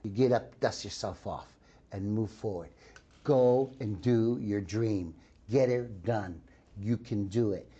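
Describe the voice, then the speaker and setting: Excitable older man rambling in interview. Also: lowish voice, takes it slowly, slightly rough, lo-fi sound. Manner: excitable, rambling with frequent restarts. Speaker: actor interviewed about a film. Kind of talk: casual interview.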